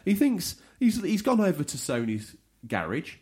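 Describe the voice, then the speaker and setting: A man hosting a casual podcast about games, animated and jokey as he reads out listener messages. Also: high-pitched, moderate pace, breathy edge. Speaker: podcast host.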